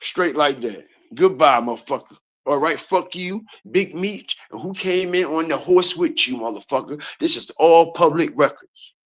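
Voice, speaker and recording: A man's voice: fairly high pitch, animated, normal speed, hardly any pauses. A man hosting an online commentary video, ranting in a heated, profane way and repeating his points.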